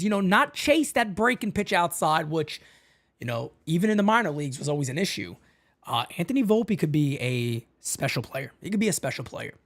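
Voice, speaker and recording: Excitable woman streaming fan chat from home. Lively pitch, keeps it casual and chatty. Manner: excitable, chatty, says "man" and "folks" a lot. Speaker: fan channel host.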